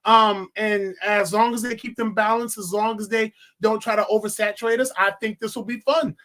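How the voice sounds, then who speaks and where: High-voiced man ranting about a movie. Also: normal speed. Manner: animated, swearing, laughing often. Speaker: film reviewer. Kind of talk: casual movie review vlog.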